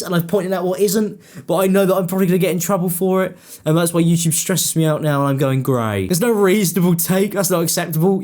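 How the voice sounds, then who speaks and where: Sarcastic guy ranting on his channel, kinda high voice, swears a lot. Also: fast talker, darkish tone. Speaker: commentary YouTuber. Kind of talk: casual commentary.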